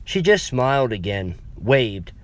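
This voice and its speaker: A man's voice: mid-range voice, sing-song, a little slow. A man narrating a first-person story in a wry, conversational way with asides to the listener.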